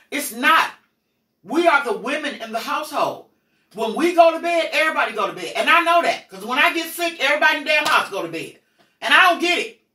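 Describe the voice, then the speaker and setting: A middle-aged woman telling personal stories in a blunt, profane, animated way as the host of a candid talk. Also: a little high. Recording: roomy echo, mic at a distance.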